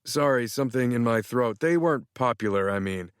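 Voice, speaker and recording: A man's voice: mid-range voice, lively intonation, a little fast, smooth, dry recording, studio quality, voice pushed up, lightly acted. A man playing a jovial, teasing older man in an audiobook, talking in a joking, blustery way.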